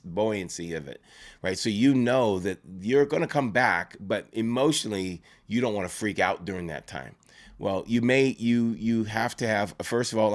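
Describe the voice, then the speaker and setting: A man, a pastor and life coach, giving earnest advice in an interview, often restarting phrases and checking in with "right?". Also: fairly low pitch. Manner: earnest, repeats himself and restarts phrases, tags points with "right?".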